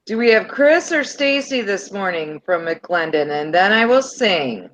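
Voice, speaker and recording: A woman on a livestream panel chatting casually and slowly, with a sing-song way of greeting. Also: mid-range voice, big pitch swings.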